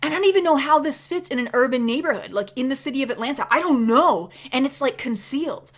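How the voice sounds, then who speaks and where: A woman telling a spooky story in a chatty, animated way, dropping into whispers for the scary parts. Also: high-pitched, quick pace. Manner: chatty, many fillers of "like". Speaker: vlogger. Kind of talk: casual storytelling.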